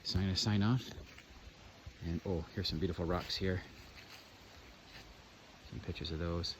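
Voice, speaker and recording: A man's voice: low voice, fairly even intonation, normal speed. A man from Canada in casual walking commentary, rambling and chatty as he describes a lakeside trail outdoors into a handheld camera. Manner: rambling, chatty, narrates what he sees while walking. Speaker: hiking vlogger. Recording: dull lo-fi outdoor recording with loud background noise.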